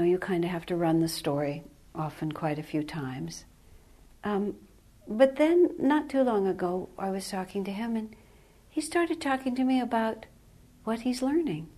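A woman's voice: mid-range voice, dark tone. A woman, a spiritual teacher, giving a reflective talk and telling personal stories with emphasis. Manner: storytelling, emphatic and reflective, with laughs.

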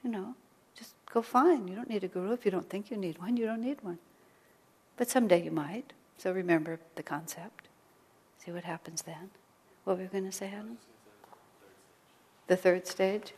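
A woman giving an informal spiritual talk to a small group, gentle and conversational, sometimes dropping almost to a whisper. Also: mid-range voice, moderate pace, slightly rough. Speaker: spiritual teacher. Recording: long reverb of a hall.

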